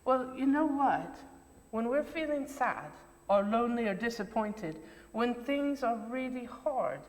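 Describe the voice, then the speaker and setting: Woman, children's talk leader in church; higher voice, gently questioning, long church reverb. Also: expressive, measured pace. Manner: questioning, encouraging, simple words for children.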